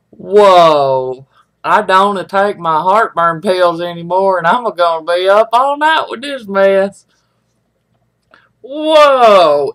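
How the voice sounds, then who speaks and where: Fairly low in pitch yet fairly bright in tone, this middle-aged woman's voice carries a rambling, folksy chat aimed at her live-stream audience.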